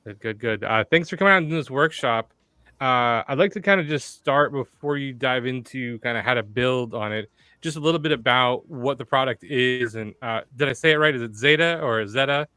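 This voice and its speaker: An energetic man hosts a live online developer workshop, his voice bright and sharply clear. He talks with plenty of "uh" fillers. The sound is close and dry, with no room in it. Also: mid-range voice, a little fast, no room sound. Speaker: livestream workshop host. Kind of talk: upbeat live stream hosting.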